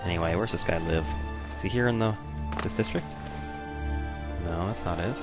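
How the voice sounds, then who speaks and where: A young man giving laid-back, rambling commentary as he plays a video game, now and then breaking into loud joking voices. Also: deep voice, normal speed, over loud music. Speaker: let's play host. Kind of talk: casual gameplay commentary.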